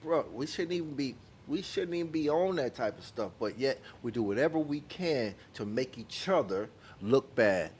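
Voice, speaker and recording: A man hosting a vlog, giving casual commentary in a halting way with fillers that grows more emphatic. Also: mid-range voice, lively intonation, darkish tone, slight background noise. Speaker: vlog host.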